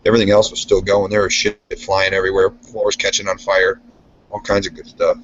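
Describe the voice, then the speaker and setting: A man's voice: low voice, monotone, fairly quick, a bit bright, a little hiss or hum. Brief: foul-mouthed working man, rambling anecdotes, casual, muffled lo-fi sound. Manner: profane, rambling storyteller. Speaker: guest, steel mill worker. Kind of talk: casual chat. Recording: dull lo-fi podcast audio.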